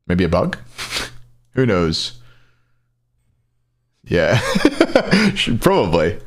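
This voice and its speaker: A man's voice: sits low, wildly swooping pitch, extremely slow. A man hosting an esports tournament live stream, chatting casually, thinking aloud and answering chat.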